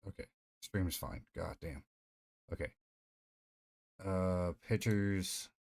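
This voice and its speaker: A man's voice: sits low, slow, a little mellow. A man streaming live, chatting casually in a rambling, profane way full of fillers. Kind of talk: casual livestream chat.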